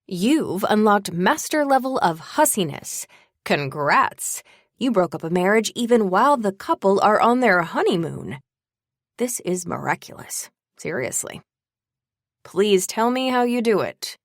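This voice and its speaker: A woman doing a sarcastic, playful young guy, louder and brighter. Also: mid-range voice, no room sound, clean studio sound. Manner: teasing, dramatic, sarcastic. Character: sarcastic, playful young male best friend.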